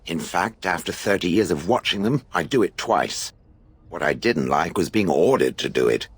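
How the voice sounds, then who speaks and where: A man's voice: low-pitched, animated, normal speed, slightly rough, full character voice. A man voicing a sardonic, disdainful ancient stone golem in video game dialogue, speaking in a dry, mocking, condescending way.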